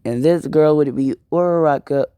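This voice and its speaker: A man's voice: on the high side, moderate pace, dark tone, clear, resonant tone, no echo. A young man casually improvising a fan-fiction story, slangy and rambling, often repeating words.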